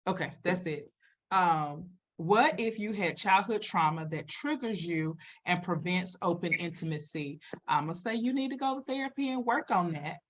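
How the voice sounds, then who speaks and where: A woman therapist co-hosts a live show. Her voice sits on the low side, and she talks bluntly and emphatically, rising and getting louder to make a point. She also answers viewer comments. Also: normal speed, slight background noise. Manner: emphatic, direct, swings loud and animated. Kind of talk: live-stream chat with viewers.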